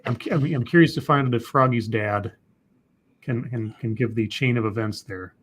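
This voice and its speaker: A man's voice: mid-range voice, moderate pace, slightly rough. A man hosting a casual live podcast, reading out chat questions and rambling with frequent restarts.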